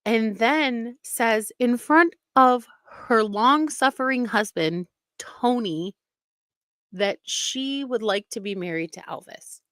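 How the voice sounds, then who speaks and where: A woman's voice: a little high, slow pace, a bit bright, no echo. A woman hosting a casual commentary show, talking in an indignant, emphatic way. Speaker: commentary host.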